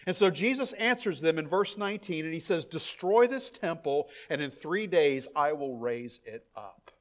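Animated higher-voiced male preacher. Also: normal speed. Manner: animated, emphatic, frequent repeated words and restarts. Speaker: pastor. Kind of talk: expository sermon.

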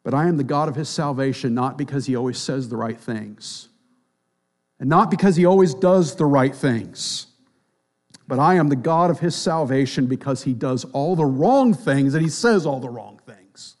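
A man preaching a sermon, swinging between quiet, near-whispered lines and loud, emphatic passages. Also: mid-range voice, moderate pace.

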